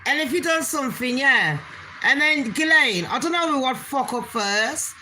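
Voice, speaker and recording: A woman's voice: sits high, expressive, normal speed, pushed and bright, slight background noise. A woman hosting her own channel, ranting bluntly in casual commentary and swearing heavily with open scorn. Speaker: channel host.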